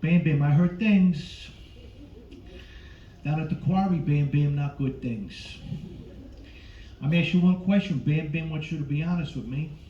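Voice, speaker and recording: A man doing a low, mumbling impression of a menacing mob-style tough guy on a comedy stage. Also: measured pace, pauses often, warm tone, reverberant, dull audio, natural voice. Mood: threatening.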